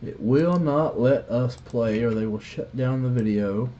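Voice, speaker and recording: A man with a Southern drawl talks slowly and easily, joking with viewers as he works through a card break. The audio is dull and lo-fi, like a home live stream. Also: mid-range voice, slight background noise. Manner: relaxed, joking, chatty. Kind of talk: casual live stream commentary.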